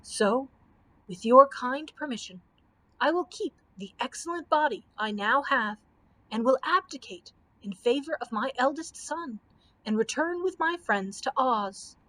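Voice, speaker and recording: A woman voicing a gentle, earnest male scarecrow who rules as emperor. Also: sits high, expressive, measured pace, exaggerated voice, low-quality recording. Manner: earnest, dejected.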